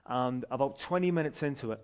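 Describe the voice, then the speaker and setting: A man, a street pastor telling a story from the pulpit in an animated way, often restarting his phrases. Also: mid-range voice, a little fast. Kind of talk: sermon testimony storytelling.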